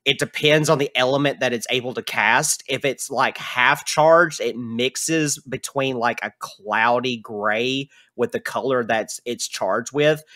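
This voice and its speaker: A man's voice: medium pitch, measured pace, hardly any pauses. Man running a tabletop game. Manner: relaxed, explains rules with fillers. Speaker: game master.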